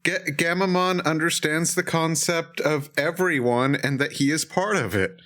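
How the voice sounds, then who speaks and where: A man on an anime podcast, making short, halting remarks in a quiet way. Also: on the high side. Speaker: podcast guest or co-host. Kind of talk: casual chat about an anime episode.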